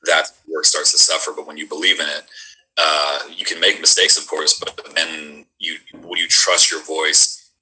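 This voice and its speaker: A man's voice: extremely low pitch, level tone, normal speed, bright, forceful tone, low-quality recording. A man, an actor, chatting casually and rambling about doing accents, with lots of fillers. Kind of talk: casual chat.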